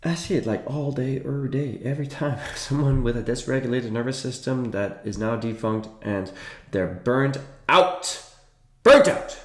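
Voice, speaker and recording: A man giving an energetic, emphatic health lesson to camera, with playful asides. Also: medium pitch, moderate pace. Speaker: naturopathic health educator. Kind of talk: energetic educational talk to camera. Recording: roomy echo.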